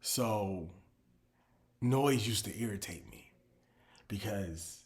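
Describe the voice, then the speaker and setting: A man hosting his own comedy show, ranting animatedly about pet peeves, dropping to low mutters and then bursting out loud. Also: animated, slow. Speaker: comedian host. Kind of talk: comedic monologue.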